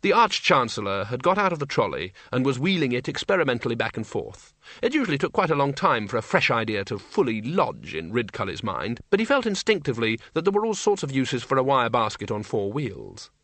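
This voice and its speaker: A man narrating a comic fantasy audiobook with wry, lively storytelling. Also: medium pitch, a little fast, dry recording.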